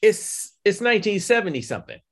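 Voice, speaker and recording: A man co-hosting a podcast, talking casually about films in a profane, animated way and acting out quotes. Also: sits high, brisk. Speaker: podcast co-host. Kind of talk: casual film chat.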